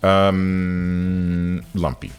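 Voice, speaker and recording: A man giving casual commentary as he plays a game, chatting along and breaking into loud, exasperated outbursts. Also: sits low, level tone, drawn-out words, clean tone, soft background music. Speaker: gaming channel host.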